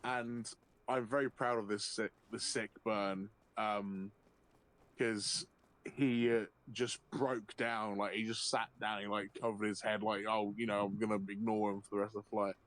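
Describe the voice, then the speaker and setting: A man streaming a game, telling a long anecdote in a profane, animated way and often laughing. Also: on the low side, measured pace. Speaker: livestreamer. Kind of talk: casual storytelling while gaming.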